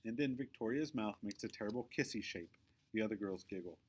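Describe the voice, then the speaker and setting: A man reading a children's chapter book aloud, with expressive storytelling in a middle pitch. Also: fast talker, breathy edge. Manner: expressive storytelling, dropping low for narration tags. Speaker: reader.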